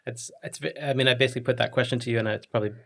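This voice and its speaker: A man hosting a podcast interview, speaking with a halting, thinking-aloud manner and a non-Australian accent. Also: mid-range voice, fairly even intonation, creaky, a bit bright. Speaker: podcast host. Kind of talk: interview chat.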